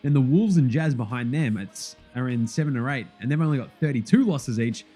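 A man's voice: mid-range voice, a little fast, slightly rough, faint music behind. A man hosting a casual basketball recap, sweary and jokey as he rattles off scores. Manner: sweary, animated, jokey banter. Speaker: basketball podcast host.

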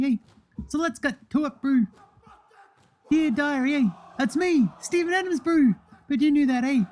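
A man's voice: very high-pitched, a little mellow, voice pushed up. A man impersonating a playful young male basketball star with a New Zealand accent, ending every sentence with "eh, bro". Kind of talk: comedic impression monologue.

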